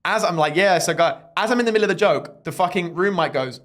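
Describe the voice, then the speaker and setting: A young man and podcast host, telling a stand-up story in a casual, animated way and acting out the people in it. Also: high-pitched, quick pace. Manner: animated storyteller who mimics people in quotes.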